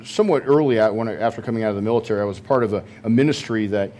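Man preaching with a halting storytelling manner. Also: lowish voice, darkish tone, a little hiss or hum. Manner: conversational storytelling with frequent fillers and restarts. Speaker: pastor. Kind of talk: sermon.

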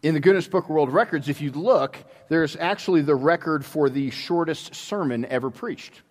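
A man preaching a sermon in a church, telling a story with many halting restarts. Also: fairly high pitch. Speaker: pastor. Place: church sanctuary. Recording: long hall reverb.

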